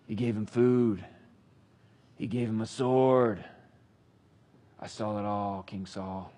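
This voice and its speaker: A man voicing a sly, sinister male servant who tells on others in a slow mutter. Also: fairly low pitch, fairly even intonation, warm tone, pitched below the performer's own voice.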